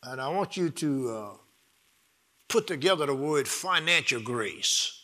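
A middle-aged man preaching a sermon, excitable, repeating words and building to loud bursts with laughter. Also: medium pitch, measured pace.

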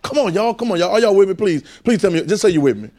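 A man's voice: high voice, animated, fast, a little mellow. A man with a Southern US accent preaching a sermon in a casual, coaxing call-and-response style.

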